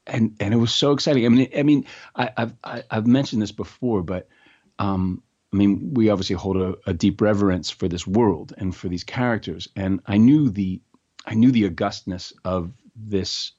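A middle-aged man with a lowish voice tells stories in an animated, fast-moving way, restarting his sentences as he goes. The audio is dull and a little lo-fi. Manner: animated, quick anecdotes with restarts. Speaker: actor guest. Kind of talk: casual interview storytelling.

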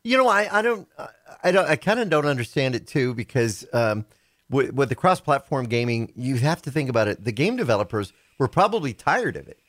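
Man, casual podcast chat, rambling, animated pitch, dry close sound. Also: brisk, dry recording. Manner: rambling, many fillers and restarts.

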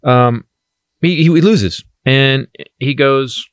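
A man's voice: medium pitch, a little slow, no room sound, clean studio sound. A man hosting a comedy podcast, chatting casually and with a lot of swearing, acting out what other people said. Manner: profane, animated, acts out quotes. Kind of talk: casual political podcast chat.

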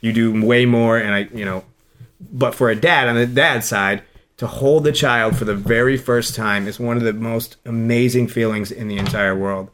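A man's voice: medium pitch, fairly even intonation, moderate pace, fairly bright tone. A man in his thirties co-hosting a podcast, talking in a rambling, emotional way with many restarts. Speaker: radio host, podcast co-host. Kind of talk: casual podcast chat.

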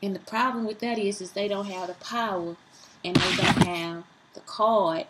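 A woman's voice: medium pitch, normal speed, background noise. A woman vlogging, giving casual self-help talk straight to her viewers, rambling and repeating herself.

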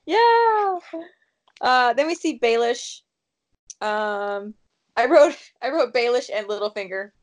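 A woman's voice: fairly high pitch, a little slow. A woman in casual chat, recapping a TV episode and acting out the characters' lines with lots of laughter. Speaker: podcast co-host recapping a TV episode.

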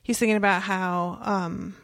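A woman's voice: mid-range voice, fairly even intonation, a little slow, creaky, fairly bright tone, no room sound, studio quality. A woman in casual chat, recapping a story and acting out the characters' lines, with easy laughs. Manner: chatty, laughs easily, retells scenes with quoted lines. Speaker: podcast co-host discussing a book.

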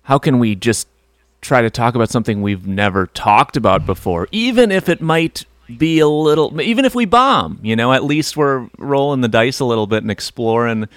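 A man's voice: mid-range voice, expressive, moderate pace, a bit bright, clear, resonant tone, no room sound, studio quality. A man hosting a podcast in casual chat, chatty and enthusiastic. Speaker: podcast host.

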